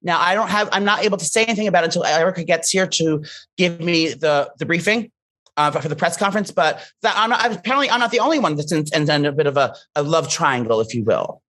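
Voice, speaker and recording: A man's voice: on the high side, expressive, fast, sharp tone. A man co-hosting a podcast, telling campy, gossipy stories in a teasing, joking way. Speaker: podcast co-host. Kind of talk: casual comedic chat.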